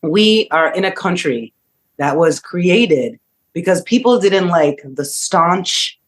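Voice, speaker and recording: A woman's voice: lowish voice, animated, takes it slowly. A woman in her fifties, a podcast guest, talking in a reflective way and asking rhetorical questions. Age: 50s. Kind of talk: casual discussion.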